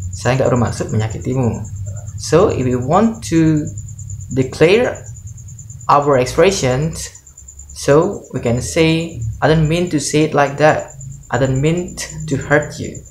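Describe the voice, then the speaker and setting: A man's voice: medium pitch, unhurried, darkish tone, slight background noise. Indonesian-accented man teaching English phrases. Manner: reads each example phrase twice, then translates it. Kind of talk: bilingual language lesson.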